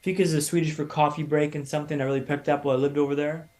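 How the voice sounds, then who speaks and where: A Canadian man in his thirties, appearing as a podcast guest, tells his own story in a lively, casual way and at a very fast pace. His voice is fairly high, and as an animated storyteller he acts out other people's lines.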